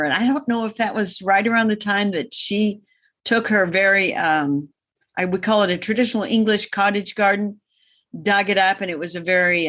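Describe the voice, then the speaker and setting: Female co-host who spins meandering anecdotes with dry humor, middle-pitched voice. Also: fairly bright tone. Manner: rambling storyteller, wry. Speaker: gardening podcast co-host. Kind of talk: casual chat.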